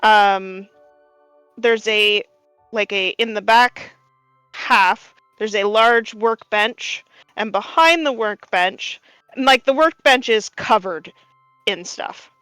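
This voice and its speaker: A woman's voice: medium pitch, slow pace, a bit bright, smooth, no echo, soft background music. A woman narrating a tabletop game as game master, describing scenes unhurriedly with many fillers.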